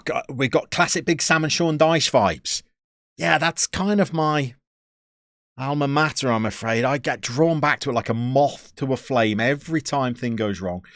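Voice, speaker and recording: A man's voice: medium pitch, fairly bright tone, dry recording, clean studio sound. A British man live-streaming a football manager game, chatting casually, reading out viewers' messages and poking fun at himself. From United Kingdom. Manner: chatty, self-mocking, reads out chat.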